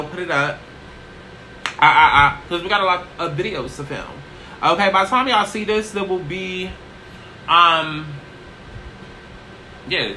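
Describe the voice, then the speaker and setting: A woman chatting casually in a get-ready-with-me vlog, brash and profane, tossing in "okay?" constantly while seated low in a small chair. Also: pushed and bright, a little hiss or hum, low-quality recording. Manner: brash, profane, sassy, keeps asking "okay?". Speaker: YouTuber.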